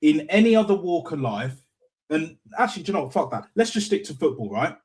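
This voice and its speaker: A man's voice: a little high, big pitch swings, quick pace, a little mellow. A man ranting bluntly in a heated football call-in, stumbling over repeated words and swearing. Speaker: call-in panelist.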